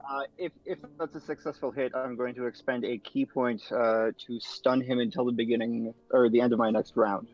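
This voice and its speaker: A man playing a tabletop game, speaking calmly and in a measured way. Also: mid-range voice. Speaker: player. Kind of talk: casual tabletop play. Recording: dull lo-fi mic.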